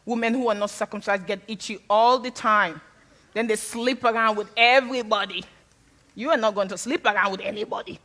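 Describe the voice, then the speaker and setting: A woman's voice: medium pitch, steady tone, fairly quick, fairly bright tone, lightly acted. A woman quoting her blunt, traditional older mother in a matter-of-fact, certain tone. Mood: firm.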